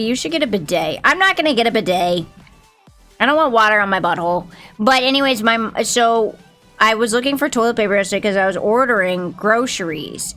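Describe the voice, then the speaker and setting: A woman's voice: medium pitch, a bit bright. A woman livestreamer chatting casually with her viewers, telling stories and swearing freely.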